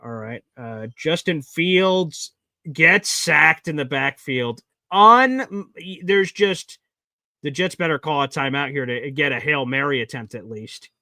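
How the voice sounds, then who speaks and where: A man's voice: on the high side, animated, slow pace, sharp tone, no echo. A man hosting a live watch party stream, calling play-by-play and getting exasperated at bad plays.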